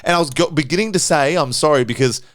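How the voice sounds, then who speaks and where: Animated, foul-mouthed guy. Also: a little high, fast. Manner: animated storyteller, swears a lot, acts out shouting. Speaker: podcast host. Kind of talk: casual chat, storytelling.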